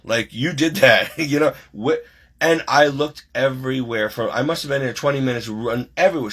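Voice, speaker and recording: A man's voice: medium pitch, bright, forceful tone. A man telling a personal story over a video call, rambling with many fillers and restarts.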